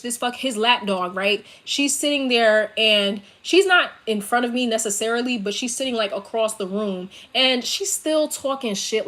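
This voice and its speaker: A woman's voice: on the high side, a bit bright. A young woman with a New York accent tells a story to her laptop from her bedroom, ranting in a heated, profane, emphatic way. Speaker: vlogger telling a story. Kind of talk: storytime rant to camera. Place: her bedroom, seated on bed. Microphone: laptop built-in mic.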